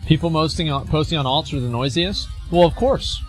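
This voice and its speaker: A man's voice: on the high side, a little fast, faint music behind. Blunt, mocking male streamer. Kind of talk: reading and reacting to forum posts.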